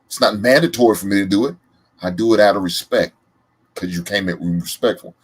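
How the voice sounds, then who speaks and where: A man's voice: lowish voice, fairly quick, slightly rough. A man from the American South with a Southern accent, hosting a reaction show in casual, emphatic commentary. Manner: animated, emphatic, loud laughs.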